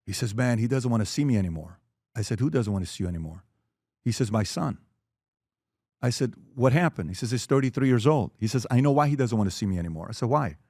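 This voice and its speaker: A man's voice: mid-range voice, lively intonation, fast, darkish tone, dry recording. Forties guy giving a heartfelt talk, mid voice, dead dry no room. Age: 40s. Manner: earnest, preaching, asks the audience questions. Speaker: speaker. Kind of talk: motivational talk.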